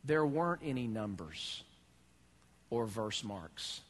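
A man preaching a sermon in a church, animated and talking straight to his congregation. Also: on the low side, slow pace. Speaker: pastor.

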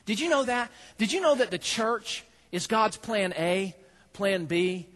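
A man, preaching a sermon in an animated storytelling way that swings from loud preaching to quiet asides. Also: high-pitched, a little slow. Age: 30s. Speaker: pastor.

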